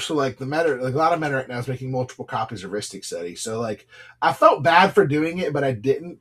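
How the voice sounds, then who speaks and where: Opening card packs on a live stream, a man with a medium-pitched, slightly bright and slightly rough voice chats casually with viewers. He reads off cards and greets people by name, rambling as he tells stories.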